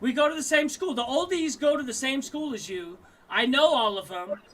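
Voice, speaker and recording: Over a video call, a man from Denver, Colorado hosts a livestream, talking casually in slang and frequently restarting and repeating words. His voice is extremely high, fairly bright and lively in intonation, at a moderate pace.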